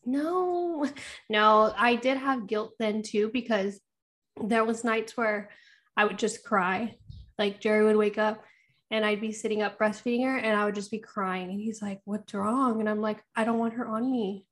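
A woman, co-hosting a casual chat and telling animated stories, acting out what people said. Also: medium pitch, moderate pace. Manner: animated storytelling, acts out quotes, laughs often. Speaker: podcast co-host.

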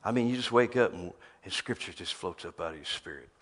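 A man's voice: low-pitched, animated, fast, fairly bright tone. A man preaching a sermon, emphatic, often repeating words as he starts a phrase.

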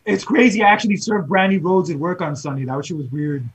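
A man co-hosting a podcast, chatting casually about wrestling in a quick, joking way. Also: high-pitched, lively intonation, slight background noise. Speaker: podcast co-host. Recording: dull, muffled lo-fi sound.

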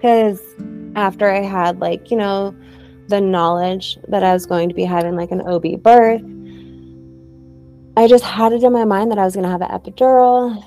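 A woman's voice: mid-range voice, fairly even intonation, normal speed, mellow, soft background music. A young woman telling her own story in a casual, chatty way, full of "like" fillers and light laughs.

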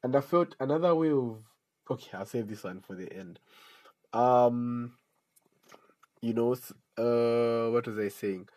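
A man hosts a casual solo podcast in a middle-pitched voice. He talks in a chatty, joking way and laughs at his own asides. Now and then his voice leaps high in animated outbursts. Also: measured pace, pauses often, poor audio. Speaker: podcast host.

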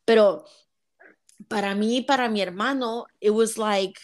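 A woman's voice: mid-range voice, moderate pace. A woman in her twenties chatting casually and candidly, switching between English and Spanish, swearing freely. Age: 20s. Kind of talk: casual chat.

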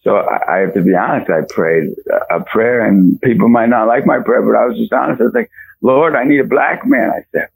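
A man with a gravelly, husky voice tells a fervent faith story as a radio guest, now and then shouting for emphasis. His voice sits a touch high for a man, and the sound is close and dry. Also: brisk, no echo, low-quality recording. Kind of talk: animated faith testimony.

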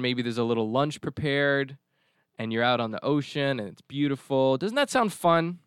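A man's voice: medium pitch, animated, moderate pace, fairly bright tone, clear, resonant tone, dry recording, clean studio sound. A man hosting a podcast, talking in a rambling, jokey, digressive way. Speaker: podcast host. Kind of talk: casual chat.

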